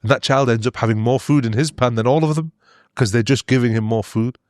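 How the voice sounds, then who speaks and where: A man, a doctor from Australia and the UK, telling stories earnestly in an interview, with many halting restarts. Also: mid-range voice, a little mellow, dry recording, studio quality. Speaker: doctor guest. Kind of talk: interview storytelling.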